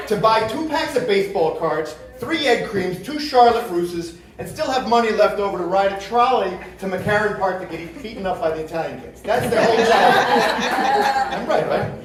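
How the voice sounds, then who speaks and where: A man giving a joking tribute speech to a friend at a memorial gathering. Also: sits high. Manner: joking, sings a Yiddish-laced parody. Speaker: eulogy speaker. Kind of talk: comic tribute speech with singing. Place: memorial gathering in a large room. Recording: echoey hall from far off.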